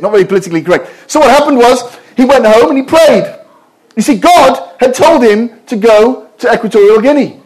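High-voiced, lively male preacher. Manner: lively, playful, addresses the audience with questions. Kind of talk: sermon with storytelling.

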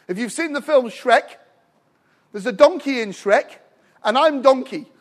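A man's voice: high-pitched, expressive, a little slow. A middle-aged man preaching a sermon with passion, telling stories and calling out to the congregation for an amen. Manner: impassioned, rising to shouts with frequent "Amen?" calls.

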